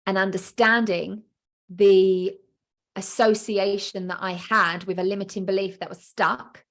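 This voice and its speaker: A woman's voice: medium pitch, steady tone, a little slow, fairly bright tone. A woman hosting her own coaching podcast, talking energetically and acting out inner voices with emphatic repetition. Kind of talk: podcast monologue.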